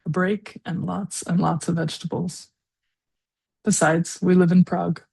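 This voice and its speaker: A woman's voice: on the low side, little pitch movement, measured pace, gravelly, dark tone, husky. A woman in her forties, a guest writer, reading her own personal essay aloud with a tender, darkly funny touch. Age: 40s.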